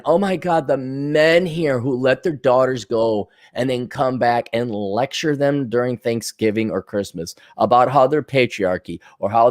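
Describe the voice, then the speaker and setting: A middle-aged man from Minnesota hosting a podcast, ranting casually, swearing and mocking with sarcastic impressions. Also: medium pitch. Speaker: podcast host. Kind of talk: casual monologue.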